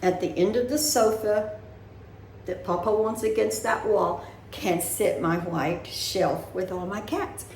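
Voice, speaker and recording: An older woman talks casually to her viewers and wanders from one worry to the next. She speaks slowly, and her voice rings in a roomy living room with faint noise underneath. Her pitch sits in an ordinary middle range. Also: a little mellow. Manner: chatty, rambling, talks her worries through. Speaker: vlogger. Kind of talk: casual chat.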